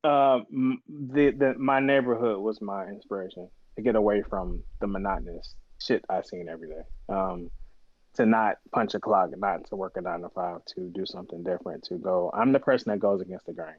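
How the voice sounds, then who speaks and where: Telling stories casually as a guest on a podcast interview, a man brings the dialogue to life by voicing each character, cursing freely along the way. He has a fairly low pitch and a fairly quick pace, and the audio is dull with no room sound.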